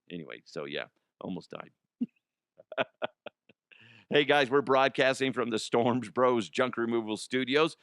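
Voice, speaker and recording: A middle-aged man hosts a comedy sports show from a studio, chatting loosely and poking fun at himself with plenty of laughs and cursing. His voice is smooth and resonant, and the sound is close and dry with no room echo. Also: mid-range voice, unhurried, long pauses, fairly bright tone. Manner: self-deprecating, laughs often, swears freely. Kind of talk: casual comedic monologue.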